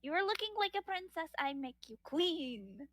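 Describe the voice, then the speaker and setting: A woman voicing a small, eager tabletop character who speaks in halting, broken English. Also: sits high, very animated, fairly bright tone, slight background noise. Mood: pleased. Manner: halting, broken grammar, fussing over a lady.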